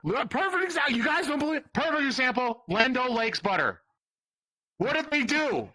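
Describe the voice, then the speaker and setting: A man's voice: extremely high pitch, big pitch swings, moderate pace, sharp tone, no echo. A man doing a crude, rambling stand-up comedy set, often laughing at his own jokes. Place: virtual comedy club stage.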